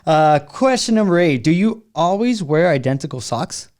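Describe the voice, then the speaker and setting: A man hosts a casual podcast, his voice sitting a bit high for a man. He talks in a laid-back, joking way, heavy on slang and "bro," reading quick-fire questions to his guest. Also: sing-song, darkish tone. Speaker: podcast host.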